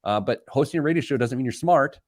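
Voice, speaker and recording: A man's voice: mid-range voice, animated, quick pace, no room sound, studio quality. A middle-aged man hosting a radio show, chatting casually in a rambling, self-deprecating way. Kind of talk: casual chat.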